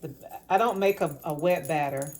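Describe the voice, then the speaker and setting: A woman's voice: low-pitched, moderate pace, darkish tone. A woman vlogging casually as she cooks in her home kitchen. She rambles as she talks and repeats words for emphasis. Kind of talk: casual cooking vlog chat.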